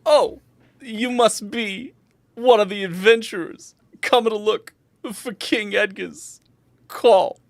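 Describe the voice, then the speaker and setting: A woman voicing an excitable male tavern bartender who gushes with astonishment. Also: slow, no echo. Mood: gushing. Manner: gushing, astonished, high-pitched.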